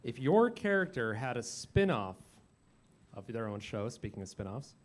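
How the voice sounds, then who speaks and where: A man moderating a panel, asking questions briskly while moving around the room. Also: medium pitch, very animated, a little hiss or hum. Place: café event room.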